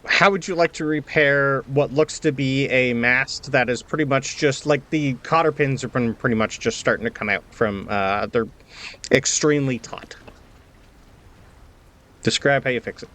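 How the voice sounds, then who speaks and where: A man narrating as game master of a tabletop game, explaining rules in a relaxed way with fillers. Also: mid-range voice, moderate pace.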